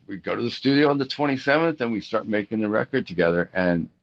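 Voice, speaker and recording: A man's voice: on the low side, fast, gravelly. A middle-aged man talking in a casual interview about his career as a rock guitarist. He rambles through stories with many restarts and fillers, and acts out the people he quotes. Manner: animated, acts out quoted voices. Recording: dull lo-fi audio.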